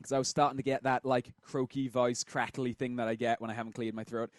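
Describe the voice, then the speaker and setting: A man's voice: mid-range voice, level tone, fast, dry recording. A man hosting a show, casually commenting on game replays and thinking aloud with fillers, close to a desk mic.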